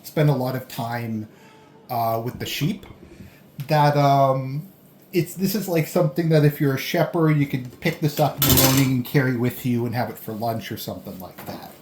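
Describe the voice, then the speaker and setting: Casual food-vlog host, rambling between bites, mid pitch, roomy echo, faint dish clatter. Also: moderate pace, darkish tone, a little hiss or hum. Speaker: food vlogger. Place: indoors at home, eating a delivered meal. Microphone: camera on a tripod.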